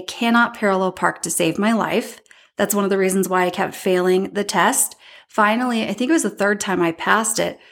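A woman, hosting a podcast and telling personal stories in a lively way, often laughing and acting out what people said. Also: mid-range voice. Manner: animated, laughs often, acts out quotes. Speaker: podcast host. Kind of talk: personal storytelling.

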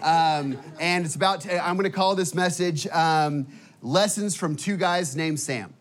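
A man preaching a sermon in a church, energetic and casual, with many fillers and restarts, sometimes emotional. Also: a little high, a little slow, a little hiss or hum. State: emotional at times. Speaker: guest preacher. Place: church auditorium.

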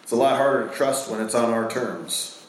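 A man preaching a sermon to a congregation, asking them questions and swinging between loud and hushed delivery. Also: medium pitch, moderate pace, a little hiss or hum. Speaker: pastor. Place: church hall with a congregation. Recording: echoey church room.

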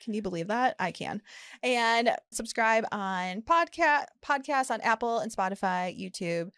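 A young woman co-host chatting eagerly, with a fairly high voice that swings widely in pitch. The sound is close and dry. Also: animated, fairly bright tone, smooth, no room sound. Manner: enthusiastic, quick reactions and guesses. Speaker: podcast co-host. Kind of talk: casual chat.

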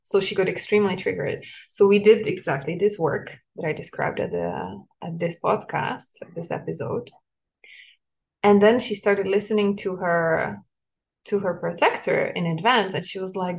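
A woman's voice: medium pitch, normal speed, vocal fry. A woman hosting a solo parenting podcast, explaining in an earnest, coaching way with frequent light laughs.

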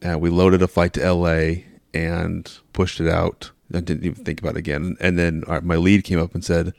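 A man who works airport ramp jobs, talking slowly and laid-back in casual chat. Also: low voice, little pitch movement, gravelly, darkish tone, no room sound, clean studio sound. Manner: slow, laid-back, brief replies.

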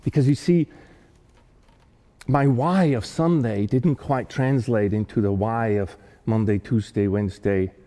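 A man giving a talk, telling a personal story in an earnest, animated way with frequent restarts. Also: medium pitch, measured pace, big-room sound. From not American-born.

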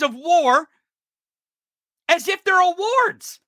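Furious podcast host, male, profane shouting rant, bright edgy voice. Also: high voice, big pitch swings, a little slow, no room sound, studio quality. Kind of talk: political rant.

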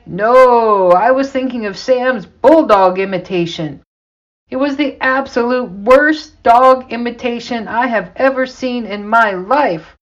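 Fretful middle-aged husband, read by a woman, slow and a touch high; lo-fi recording. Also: natural voice. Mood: amused. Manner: fretful inner monologue. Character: nervous middle-aged husband, later amused.

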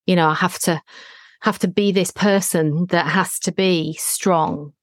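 Female therapist-host, gentle and reflective, guiding tone, dry recording. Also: fairly low pitch, steady tone, measured pace, no echo. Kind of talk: therapy session dialogue.

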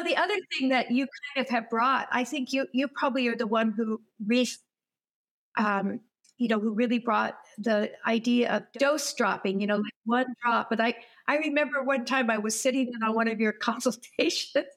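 A woman's voice: fairly high pitch, a bit bright. An older woman hosting an interview, telling stories in an enthusiastic, conversational way. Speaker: host.

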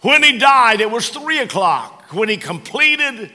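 A man's voice: very high voice, sing-song, measured pace, pushed and bright. A man preaching a sermon, telling a story with humorous asides. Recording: long reverb of a large hall.

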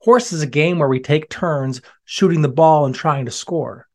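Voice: mid-range voice, moderate pace, a little mellow, natural voice. A reader voicing a patient, friendly young boy with an encouraging, cheerful manner in a storybook read-aloud.

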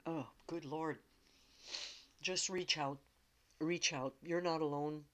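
A woman speaks slowly in a lowish voice, giving an unscripted spiritual talk. She sounds tearful and emotional, pausing and repeating her words as she goes. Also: steady tone, fairly bright tone. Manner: emotional, halting, repeats herself.

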